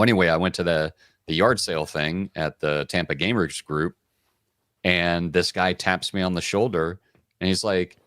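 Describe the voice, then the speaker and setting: A man's voice: low-pitched, a bit bright, no room sound, studio quality. A man co-hosting a board game call-in show, chatting casually and rambling through anecdotes while acting out the dialogue. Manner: rambling storyteller, acts out quoted dialogue. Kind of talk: casual chat.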